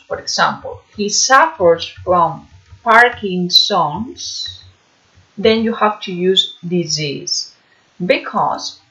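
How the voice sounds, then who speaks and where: A woman teaching an English lesson, slow and patient, often checking understanding with a questioning "hmm?". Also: fairly low pitch, fairly bright tone. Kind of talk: online class lesson. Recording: dull lo-fi recording.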